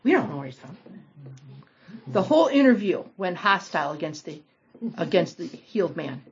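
A woman leading a small-group Bible study, reading scripture aloud and commenting with animated, dramatic emphasis. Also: fairly low pitch, normal speed, slightly rough. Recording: dull lo-fi recording.

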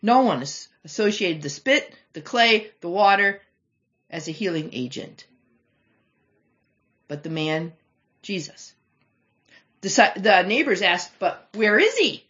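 A woman's voice: fairly low pitch, animated, slow pace, long pauses, a bit bright. A woman teaching a Bible study lesson, explaining scripture and reading verses aloud with emphasis. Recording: slightly dull lo-fi recording.

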